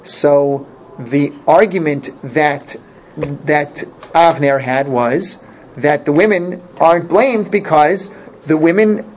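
A man leads an informal Talmud class in a slightly high voice. He thinks aloud, restarts his sentences and keeps asking rhetorical questions. The recording is dull and lo-fi, with a faint hiss behind him. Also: slow pace. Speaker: Torah class teacher.

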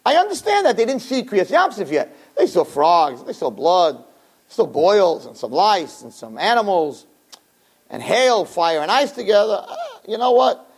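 Man, high voice, Torah class, reads verses then translates, animated, acts out dialogue. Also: a little slow, husky. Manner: animated, acts out dialogue with big pitch swings. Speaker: Torah teacher. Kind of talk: Torah class lecture to a live audience. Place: room with listeners.

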